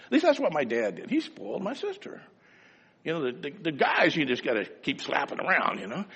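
A man preaching a sermon, telling folksy stories and building to fervent, loud exhortation. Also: a little high, sing-song, a little fast, husky, long reverb tail.

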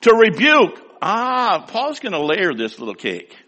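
A man preaching a sermon, emphatic, swinging between loud, drawn-out declaiming and quiet asides. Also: sits high, huge pitch swings. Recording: long hall reverb.

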